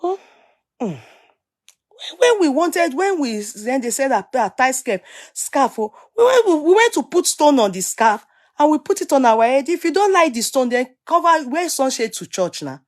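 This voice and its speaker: A middle-aged Nigerian woman giving an opinionated casual rant, animated and scolding, switching between English and Yoruba. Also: high-pitched, normal speed. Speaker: vlogger.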